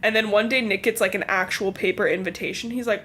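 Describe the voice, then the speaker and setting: A young woman co-hosting a casual book podcast, animated, laughing often and acting out the characters' lines as she retells the story. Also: mid-range voice, fast talker, a little hiss or hum. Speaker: podcast host. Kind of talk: casual book-club chat.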